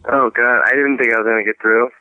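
A man's voice: medium pitch, fairly even intonation, fast talker, no room sound. A male caller who is sick with a cold, talking casually on the phone. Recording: tinny phone line.

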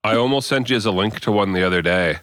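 A man's voice: lowish voice, fast, a bit bright, no echo. A man co-hosting a podcast, casually and enthusiastically describing a video he watched. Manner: enthusiastic, recounts viral videos with laughs. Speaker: podcast co-host. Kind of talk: casual chat.

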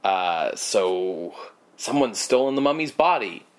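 Low-voiced man recapping a movie casually. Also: very animated, slow. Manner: rambling, filler-heavy, sarcastic asides. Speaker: podcast co-host.

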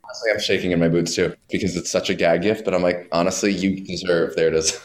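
Very low-voiced man telling stories. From New York. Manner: animated storytelling, heavy swearing, quick asides. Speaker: guest. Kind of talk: casual chat.

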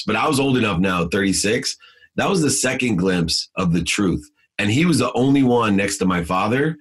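A middle-aged man with a fairly low voice shares a personal story as a podcast guest. His tone has a husky, breathy edge. He stresses the big moments, his voice climbing as he relives them, and he leans on fillers and restarts as he goes. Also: poor audio. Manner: emphatic, with frequent fillers and restarts; voice rises sharply when reliving moments.

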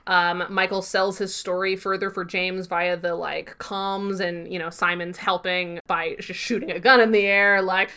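A woman co-hosting a podcast, casually recapping a TV episode with lots of fillers and quick asides. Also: lowish voice, steady tone, sharp tone, clean tone. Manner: chatty recap with frequent fillers and laughs. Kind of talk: casual chat.

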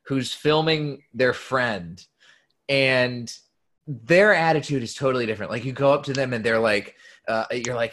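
A young man who worked at comedy clubs, telling stories in casual chat, animated and swearing freely. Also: mid-range voice, normal speed. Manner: animated storyteller, swears freely, quotes people in lively bursts. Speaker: former comedy club staffer.

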